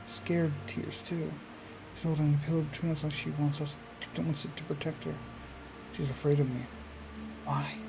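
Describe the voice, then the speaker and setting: Gravelly man narrating a dark story. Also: on the high side, background noise. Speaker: let's player. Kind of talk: reading a visual novel aloud.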